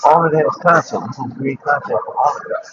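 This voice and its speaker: A man's voice: a little high, fast. A man chatting casually as a content creator, rambling loosely and repeating his words, outdoors on a city street through an earphone mic. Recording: dull lo-fi sound with loud street noise.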